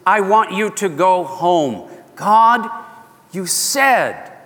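A harried young herdsman, exasperated and pleading, acted out by a man. His voice is high and animated, and it carries a long reverb from a big hall. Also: measured pace, exaggerated voice. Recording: long echo of a large hall.

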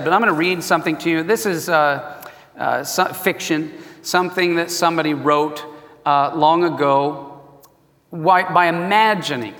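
A man preaching a sermon as a pastor, telling stories in an animated way and acting out the voices in them. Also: on the high side, in a large hall. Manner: animated storytelling, acts out quoted voices.

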